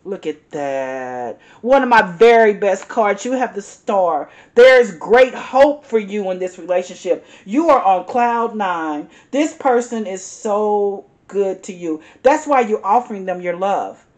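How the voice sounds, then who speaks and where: A woman's voice: medium pitch, measured pace, few pauses, a little mellow. A woman giving an earnest, encouraging tarot reading, repeating herself and calling the listener honey. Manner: emphatic, repeats herself, says "honey" and "y'all". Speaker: tarot reader.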